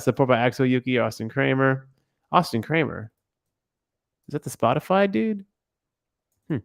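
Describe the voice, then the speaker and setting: A man's voice: mid-range voice, lively intonation, measured pace, creaky, pauses often, dry recording, studio quality. A man hosting a casual livestream, giving loose, rambling feedback on listeners' music. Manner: loose, rambling, frequent restarts and fillers.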